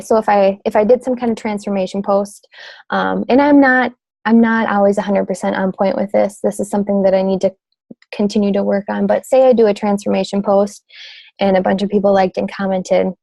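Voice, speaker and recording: A woman's voice: medium pitch, little pitch movement, a little fast, gravelly, darkish tone, dry recording. A woman in her thirties giving casual coaching tips on a team call, chatty and full of fillers, often saying "you guys".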